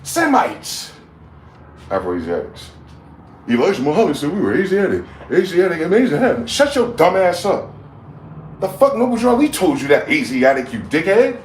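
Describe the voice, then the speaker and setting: A man in his forties hosting a livestream, ranting with heated outbursts that drop to low mutters. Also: very animated, moderate pace. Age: 40s. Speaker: livestream host. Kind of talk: profane rant. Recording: echoey room with faint background noise.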